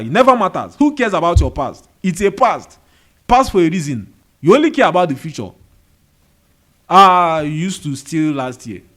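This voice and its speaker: With a voice that sits high and sounds fairly bright, a motivational video host with a Nigerian accent gives a monologue. He repeats key phrases and fires rhetorical questions while a fan runs in the indoor room.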